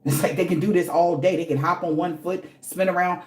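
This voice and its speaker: A woman's voice: on the low side, fairly even intonation, brisk, darkish tone. Woman reader, casual spiritual reading, blunt and profane, slangy, in a roomy echoing space. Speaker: tarot reader.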